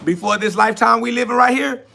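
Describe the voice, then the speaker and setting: With a very high, gravelly, sharp voice at a quick pace, this man preaches on a live stream in a casual monologue. His manner is swaggering and slangy, and he talks back to chat comments.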